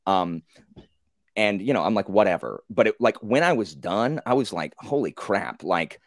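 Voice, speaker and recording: A man in a casual group book discussion, telling the story with animated, acted-out reactions and many fillers. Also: fairly low pitch, moderate pace, dry recording, studio quality.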